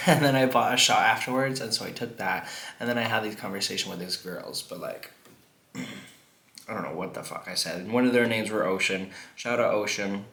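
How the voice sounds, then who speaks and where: A man's voice: fairly low pitch, normal speed, pushed and bright. A man vlogging a mukbang, telling a story in a rambling, profane way and laughing often. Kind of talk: casual storytelling while eating. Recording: echoey room.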